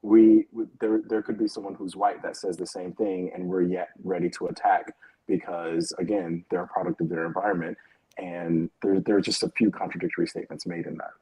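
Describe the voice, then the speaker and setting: A man with a low, husky voice talks from home over a video call in a casual panel discussion. He hedges and restarts often, circling back to his points. The sound is close and dry. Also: level tone, fairly quick, warm tone, no echo, poor audio. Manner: hesitant, many fillers and restarts, laughs between points. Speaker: panel guest.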